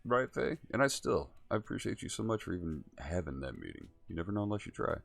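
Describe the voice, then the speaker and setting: A laid-back man hosting a casual chat, with a very deep, gravelly voice. His pitch still moves a lot as he agrees and chimes in, and faint music plays behind him. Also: wildly swooping pitch, fast. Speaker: host.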